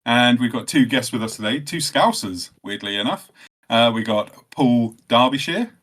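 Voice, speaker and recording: A man's voice: medium pitch, animated, moderate pace, fairly bright tone. A man hosting a podcast, chatting in an easygoing, self-deprecating way. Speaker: podcast host. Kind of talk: casual chat.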